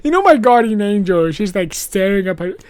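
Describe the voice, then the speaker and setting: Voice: mid-range voice, very animated, normal speed, darkish tone, dry recording. Foul-mouthed rambling podcast host. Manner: profane, rambling, laughs at own jokes; sarcastic asides. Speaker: podcast host reviewing a horror film. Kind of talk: casual spoken film recap.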